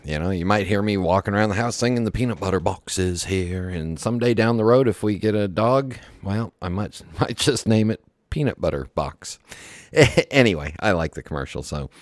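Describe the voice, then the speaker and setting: A man's voice: on the low side, fairly quick, no echo, clean studio sound. A man hosting a podcast, talking casually and rambling with many fillers. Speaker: podcast host. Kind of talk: casual solo podcast talk.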